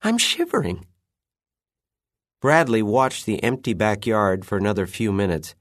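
A man narrating a children's story in an unhurried, expressive reading. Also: on the low side, no room sound, clean studio sound.

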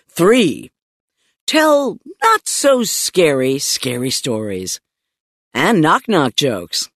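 A woman reading a children's audiobook with playful, animated storytelling. She takes her time, and her pitch swings widely from high to low. The sound is dry and close, from a studio mic. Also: breathy edge, no room sound. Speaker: audiobook narrator. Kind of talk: expressive audiobook narration.

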